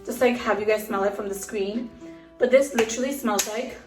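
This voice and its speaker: Young woman, out of breath, chatty vlogger, higher voice, roomy echo, phone held away, faint music. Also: a little fast, recorded from a distance. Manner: chatty, upbeat, many fillers. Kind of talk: casual chat to a phone camera. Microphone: phone camera.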